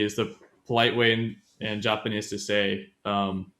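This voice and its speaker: A man's voice: fairly low pitch, little pitch movement, normal speed, a bit bright. A man co-hosting a casual podcast, explaining grammar in a loose, rambling way with many fillers, self-corrections and frequent laughs. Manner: laughs often.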